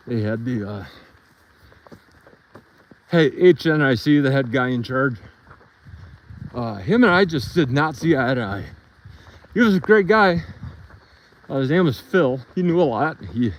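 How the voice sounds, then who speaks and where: A man's voice: fairly high pitch, low-quality recording. A man telling a rambling story in a casual live stream while walking his dogs on a trail outdoors, a bit out of breath.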